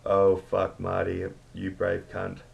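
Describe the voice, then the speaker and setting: A man voicing his crude, boozy mate, who swears loudly and laughs a lot. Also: low-pitched, completely flat delivery, slow, gravelly, heavily acted. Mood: rowdy. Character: crude boozy male Aussie mate, loud.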